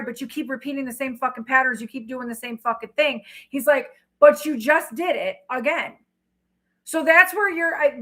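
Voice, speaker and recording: A woman's voice: high voice, bright, forceful tone, low-quality recording. A middle-aged woman, a tarot reader, talking to her livestream chat in a blunt, emphatic way that is full of profanity. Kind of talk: casual livestream talk.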